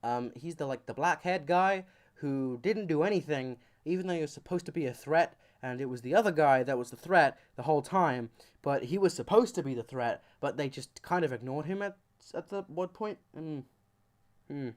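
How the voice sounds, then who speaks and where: A man's voice: fairly high pitch, normal speed. A man giving a comedic anime commentary, rambling and joking with goofy asides. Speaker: YouTuber.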